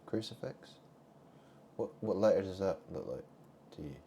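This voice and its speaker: A man vlogging in a rambling monologue, muttering asides and swinging between loud remarks and hushed ones. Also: low-pitched, animated, normal speed, creaky, slight background noise.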